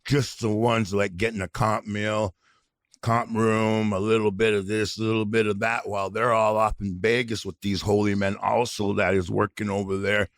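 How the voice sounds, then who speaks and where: A man's voice: lowish voice, flat delivery, normal speed, no room sound, clean studio sound. A middle-aged man from North Dakota, co-hosting a podcast in a heated, blunt rant full of swearing. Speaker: podcast co-host. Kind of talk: angry outspoken podcast rant.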